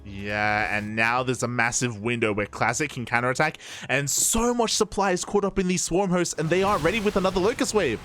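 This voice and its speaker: A man casting a live strategy game, calling the action and getting louder and higher at big moments. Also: brisk, few pauses. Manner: excitable, rising pitch at big moments. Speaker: esports caster. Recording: faint game music underneath.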